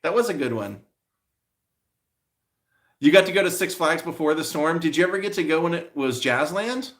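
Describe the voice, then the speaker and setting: A man's voice: on the high side, expressive, normal speed, fairly bright tone. A man hosting a casual live stream, rambling along with lots of fillers as he answers viewers' comments.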